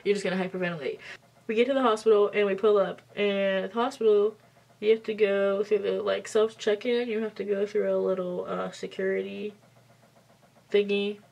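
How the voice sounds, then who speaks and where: A woman's voice: medium pitch, gravelly. A woman in her twenties telling a story on camera at home while doing her makeup, blunt and emphatic, swearing freely. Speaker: beauty vlogger. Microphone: camera mic.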